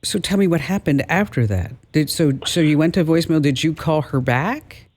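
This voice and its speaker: A woman's voice: deep voice, animated, normal speed, darkish tone. A woman hosting a call-in radio show, chatting with callers in an upbeat, playful manner.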